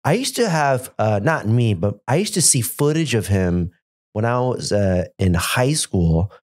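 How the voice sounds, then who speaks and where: A man's voice: fairly low pitch, lively intonation, darkish tone. A man hosting a podcast, asking questions and chiming in with enthusiastic agreement. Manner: enthusiastic, quick affirmations and questions. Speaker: podcast host. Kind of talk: casual interview chat.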